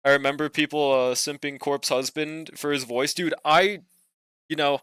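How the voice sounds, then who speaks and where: A man's voice: fairly high pitch, fairly even intonation, moderate pace, a bit bright, clear, resonant tone, dry recording. Laid-back young gamer guy, dry close mic. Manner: laid-back, slangy, swears, laughs often, trails off. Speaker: game streamer. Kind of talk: casual livestream chat while gaming.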